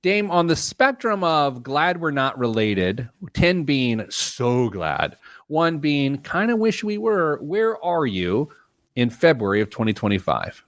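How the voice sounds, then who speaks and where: A man's voice: fairly high pitch, big pitch swings, unhurried, no room sound, clean studio sound. A man hosting a money advice show, teasing his co-hosts in playful, self-mocking banter. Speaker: show host. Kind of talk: casual podcast banter.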